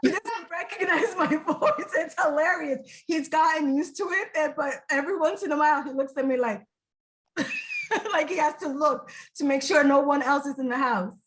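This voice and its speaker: A woman's voice: high-pitched, normal speed, a bit bright. A woman stage actor chatting effusively about her role in a casual interview, laughing easily.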